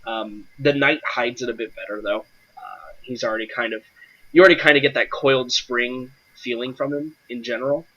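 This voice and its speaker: A man narrating a tabletop game as game master, halting, with many fillers. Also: medium pitch, steady tone, sharp tone, muffled recording.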